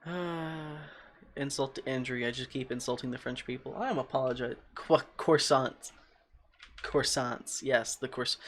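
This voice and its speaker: A young man streaming a game, rambling and joking in a casual, often quiet voice, talking into a desk microphone at home. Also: mid-range voice, normal speed. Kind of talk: casual gaming stream commentary.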